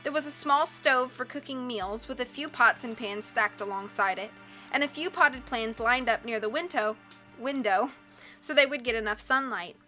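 A woman reading a storybook aloud as narrator with steady, clear delivery. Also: a little high, moderate pace, faint music behind. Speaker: audiobook reader.

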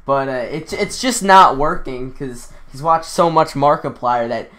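A man's voice: on the high side, a little slow, fairly bright tone. A teenage boy giving casual, sarcastic commentary as he mocks another creator's video, rambling and loose with filler words. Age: teens. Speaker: YouTube roast commentator.

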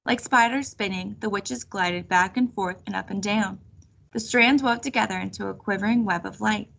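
Husky woman reading a storybook aloud. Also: medium pitch, normal speed, fairly bright tone. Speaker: reader. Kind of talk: reading a children's chapter book aloud.

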